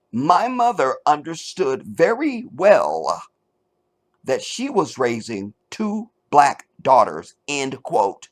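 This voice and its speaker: A middle-aged man hosting a commentary show, reading an article aloud and mocking it with sarcasm, jumping between loud outbursts and low mutters. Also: huge pitch swings, slow. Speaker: commentary channel host.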